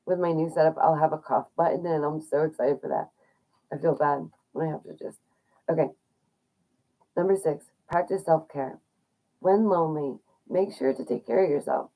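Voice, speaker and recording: A young woman chats to her online viewers in an easygoing, encouraging way, laughing now and then between her points. Her voice sits a little low and sounds mellow and warm. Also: fairly even intonation, moderate pace, low-quality recording. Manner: chatty, encouraging, laughs often, uses fillers. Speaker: vlogger. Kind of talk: casual talk to viewers about loneliness.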